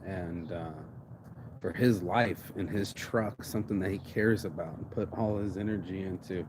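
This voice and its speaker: A man's voice: sits low, normal speed. A man from Las Vegas talking to camera in a heartfelt, rambling motivational monologue, swinging between sighs and emphatic outbursts. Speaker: vlogger. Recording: noisy ambient background.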